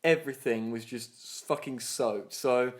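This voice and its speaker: A young man in his twenties rambles through a story on a casual podcast, swearing freely and laughing as he goes. He slips into other people's voices to act out what they said, at a middle pitch. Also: normal speed. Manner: acts out other people's lines in his retelling. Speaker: podcast co-host.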